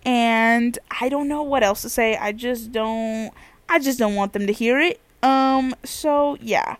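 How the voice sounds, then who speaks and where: A woman's voice: a little high, normal speed, no echo. A young woman hosting a casual solo podcast, rambling and repeating herself as she chats. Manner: rambling, repetitive, chatty. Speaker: podcast host.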